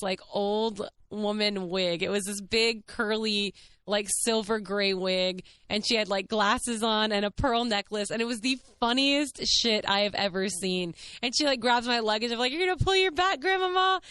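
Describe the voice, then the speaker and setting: A woman in her thirties hosting a podcast, telling a story in a chatty, animated way, laughing often and swearing casually. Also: mid-range voice, moderate pace, clear, resonant tone, no echo. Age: 30s. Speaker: podcast host.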